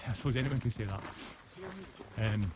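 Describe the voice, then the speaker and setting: A man's voice: fairly low pitch, moderate pace. Chatty West of Scotland man. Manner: chatty, answers comments, frequent restarts. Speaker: live-stream host. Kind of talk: casual live-stream chat answering comments. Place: mountain forest path outdoors. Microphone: phone held while walking. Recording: outdoor phone stream with clear background noise.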